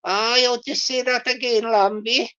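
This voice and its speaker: A man's voice: very high voice, steady tone, a little slow, pushed and bright, clear, resonant tone, exaggerated voice. A streamer voicing an earnest man with a Fife Scots accent who uses Scots words, heard on a dull lo-fi recording.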